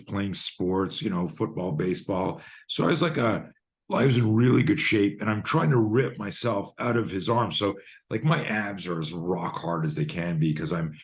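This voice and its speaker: Man, 60s, low voice, expressive guest storyteller, salty language, heard over a video call. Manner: lively, swears freely, acts out scenes. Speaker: guest, self-defense expert. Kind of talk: animated personal storytelling.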